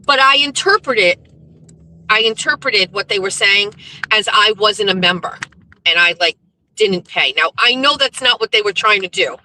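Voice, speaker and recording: A young woman livestream host telling a story in a blunt, profane, animated way while driving in a car. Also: medium pitch, normal speed, a little hiss or hum, rough recording. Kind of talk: casual profane livestream rant.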